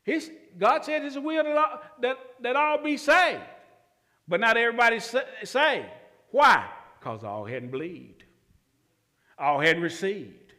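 A man pastor preaching a sermon, asking questions and answering them himself, swinging from quiet murmurs to loud shouts. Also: extremely high pitch, sing-song, unhurried, long reverb tail.

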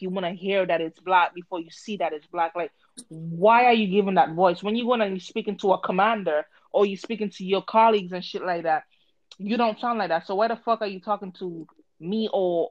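A woman's voice: mid-range voice, highs cut off. A woman co-hosting a casual podcast chat, blunt and heated, swearing freely as she tells a story with lots of energy. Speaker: podcast co-host.

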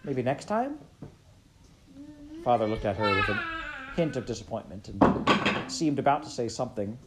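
A woman narrating a storybook in an expressive, measured way. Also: very deep voice, heavy background noise. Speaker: audiobook reader.

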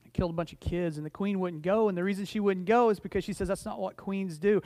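A man's voice: high voice, fairly even intonation, fast talker, few pauses, a little mellow, no echo. A middle-aged man preaching a sermon in a conversational, storytelling way, stumbling over restarts and building to emphatic declarations. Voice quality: frequent restarts and repeated words. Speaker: pastor.

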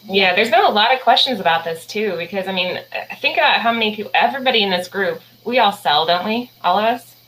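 A woman's voice: mid-range voice, animated, fast talker, hardly any pauses, a bit bright, a little hiss or hum, low-quality recording. A woman hosting a casual podcast, chatty and playful. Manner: chatty, playful, slips into joke accents. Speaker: podcast host. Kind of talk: casual chat.

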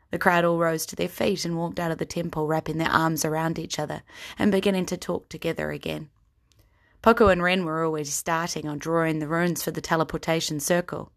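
A woman's voice: deep voice, level tone, a little fast, creaky. A woman narrating a fantasy story as game master in a tabletop game.

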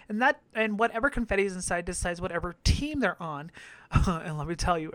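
A man's voice: sits high, fairly bright tone, no echo. Campy, profane male podcast recapper. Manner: campy, profane, laughs often. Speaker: podcast host. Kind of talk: casual recap commentary.

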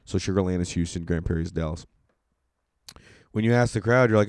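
A man's voice: sits low, fast, long pauses, a little mellow, no room sound, clean studio sound. A young adult man from California, a stand-up comedian telling rambling, profane tour stories in a casual podcast monologue. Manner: profane, rambling, self-mocking.

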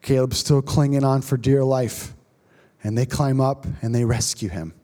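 A man preaching a sermon, telling a story dramatically and dropping to a hush at the tense moments. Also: medium pitch, steady tone, normal speed. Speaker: pastor.

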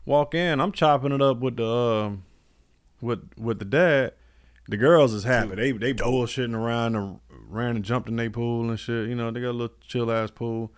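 A man's voice: mid-range voice, normal speed, smooth. A man co-hosting a podcast, telling stories in a laid-back way with lots of slang. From United States. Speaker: podcast co-host. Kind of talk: casual chat.

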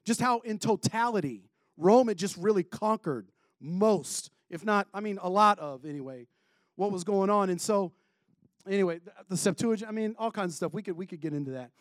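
A man's voice: sits high, expressive, normal speed, dry recording, studio quality. A man teaching a Bible passage in a casual sermon, reading scripture aloud and breaking off with chatty asides and laughs. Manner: conversational, self-interrupting, laughs between points.

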